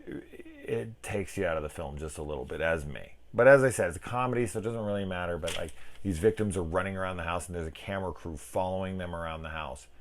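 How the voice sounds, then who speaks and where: A young man with a very low voice talks through a film review in a loose, rambling way. He swears freely and slips into quick impressions of people as he goes, joking at his own expense. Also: a little hiss or hum. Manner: rambling, profane, self-mocking, mimics people in quotes. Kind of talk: casual spoken movie review.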